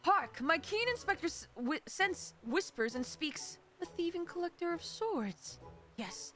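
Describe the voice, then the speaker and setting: A woman voicing a pompous, theatrical gentleman inspector, declaiming slowly in a raised voice. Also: extremely high pitch, sing-song, soft background music, pitched above the performer's own voice, heavily acted. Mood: grandiose. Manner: grandiose, slow, declaiming. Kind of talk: voicing game dialogue on stream.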